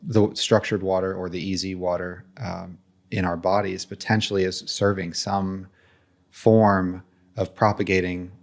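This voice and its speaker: A man's voice: low voice, level tone, unhurried, creaky. A male podcast host who thinks aloud, hesitant and searching for words with many restarts. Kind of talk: conversational interview.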